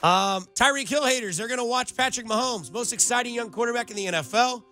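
A young man hosting a sports radio show in a studio, talking in an animated, rambling way full of playful comparisons. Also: extremely high pitch, fast talker, faint music behind. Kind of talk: casual sports radio banter.

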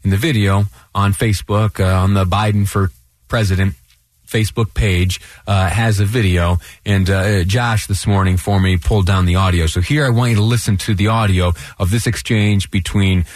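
Low-voiced man hosting a radio talk show. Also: fairly even intonation, no room sound. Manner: halting, with restarts and stammers.

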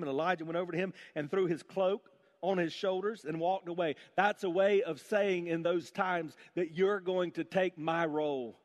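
High voiced guy preaching, punchy rhetorical questions, echo hanging in the hall. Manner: emphatic, rhetorical questions, dramatic shifts between loud and hushed. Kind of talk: sermon. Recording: long hall reverb.

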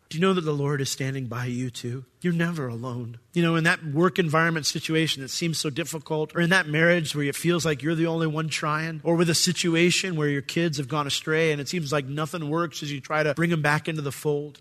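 Man, pastor, preaching, animated delivery, bright forceful tone, slightly high voice. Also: brisk, hardly any pauses. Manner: animated, acts out voices of scripture figures. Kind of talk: sermon.

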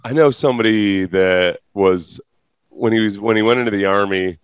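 A man's voice: fairly low pitch, moderate pace, smooth, no echo. A man hosting a podcast in casual chat, rambling through a story and laughing as he goes. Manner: rambling, searches for words, laughs through his stories. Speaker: podcast host.

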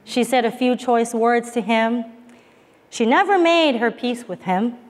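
A woman preaching a sermon, telling a family story in a slow, earnest, emphatic way. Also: fairly high pitch. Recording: long hall reverb.

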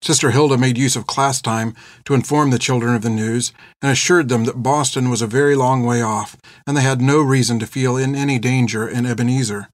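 A man's voice: mid-range voice, no room sound. Man narrating a storybook, dry close sound. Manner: measured, expressive. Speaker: audiobook narrator.

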